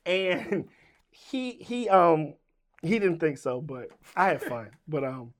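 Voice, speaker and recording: A rapper from Richmond, Virginia, middle-aged and interviewed as a guest, speaks slowly in a slightly high, very animated voice. His storytelling is animated and profane, with him voicing each side of the dialogue.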